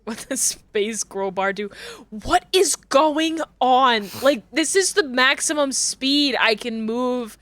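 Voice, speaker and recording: A woman streams a game and chats casually, laughing often and talking to her cat. She has a high, slightly bright voice and speaks slowly with hardly any pauses.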